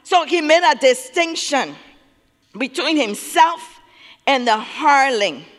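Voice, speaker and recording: A man's voice: very high-pitched, expressive, slow, fairly bright tone. A man preaching a sermon, emphatic, repeating key words and calling on listeners to say them back. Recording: long reverb of a large hall.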